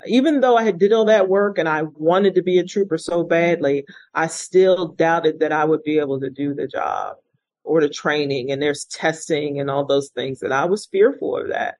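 A woman's voice: low voice, moderate pace, dry recording, poor audio. A middle-aged woman, an interview guest, telling her life story in an earnest, reflective way. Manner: earnest, reflective, animated when quoting others. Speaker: interview guest, retired state police officer. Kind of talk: conversational storytelling.

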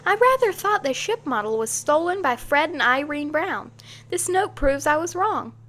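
A woman's voice: high voice, lively intonation, normal speed, pitched above the performer's own voice. Woman voicing an eager young girl detective. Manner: eager, well-spoken and polite. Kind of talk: audiobook character voice.

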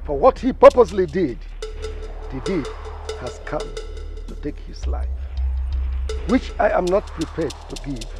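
A man's voice: fairly high pitch, sing-song, unhurried, long pauses, darkish tone. An actor with a Nigerian accent playing a desperate man who formally greets and pleads with a spirit. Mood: solemn. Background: background music.

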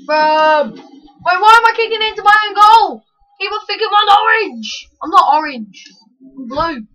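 A woman giving excitable live commentary over her own gameplay, yelling at the screen with quick self-mocking asides. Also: high voice, muffled recording. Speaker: gaming channel host.

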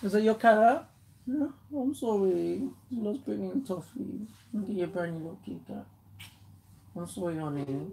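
A woman hosting a casual home unboxing vlog, chatty and excitable, who swears loudly when let down. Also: medium pitch, fairly quick, gravelly, slightly rough. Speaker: host.

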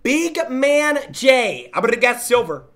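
A young man streaming live, loudly reacting to viewer gameplay clips, teasing and excitable, swinging between shouting and muttering. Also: very high-pitched, unhurried, faint music behind.

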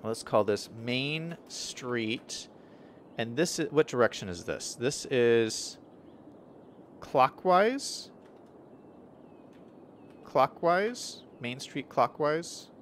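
A man's voice: medium pitch, lively intonation, takes it slowly, slight background noise. Guy streaming a city builder, talks to himself a lot, voice bounces up and down. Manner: thinks aloud, chatty, self-correcting. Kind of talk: casual gameplay commentary.

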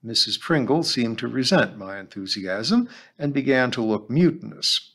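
Read as a man hosting a book reading: keep the pitch moving and lively, at an ordinary middle pitch, telling the story with expression. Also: normal speed. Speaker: host reading a novel aloud. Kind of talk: reading a novel aloud.

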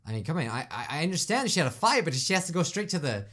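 A man hosting a gaming video who reads a story game aloud and comments on it. He is excitable, laughs often and breaks into loud outbursts. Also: a little high, rapid-fire.

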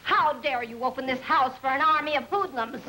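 An actress playing a haughty, indignant society wife in a 1940s film comedy. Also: female voice, high-pitched, a little fast, sharp tone, slight background noise, low-quality recording.

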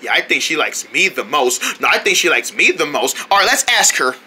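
A performer voicing a cocky, silly cartoon creature boy in a lowered, slow, boastful drawl with a husky tone. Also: very animated, sharp tone, exaggerated voice.

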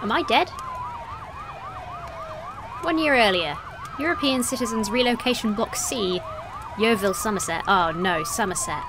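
Over game music and background noise, a young female streamer offers casual, wry, foul-mouthed commentary on her game, reading its text aloud and experimenting with accents. Her voice is on the high side and animated, and she speaks unhurriedly with long pauses.

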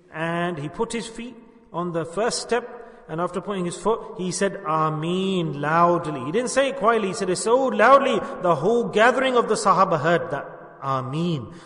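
Earnest high-voiced male preacher, echoing hall. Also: a bit bright. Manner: earnest, repeats for emphasis, asks the audience questions. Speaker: religious teacher. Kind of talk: sermon.

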